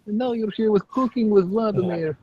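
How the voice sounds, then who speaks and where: A man's voice: high voice, a little fast, slight background noise, voice pushed up, lightly acted. A man voicing a boastful Russian cooking-show host in a put-on Russian accent, on a dull lo-fi mic. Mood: mock-proud.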